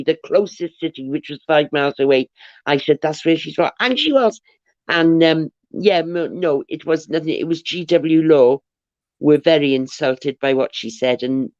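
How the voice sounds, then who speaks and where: A woman's voice: low voice, darkish tone, dry recording. A woman hosts a casual livestream, thanking viewers and wandering off into anecdotes. She rambles and trips over her words, restarting sentences as she goes. Her voice comes through dull and lo-fi, with a dry, close sound. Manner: rambling, chatty, restarts and stumbles. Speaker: livestream host. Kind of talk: casual chat, reading viewer comments aloud.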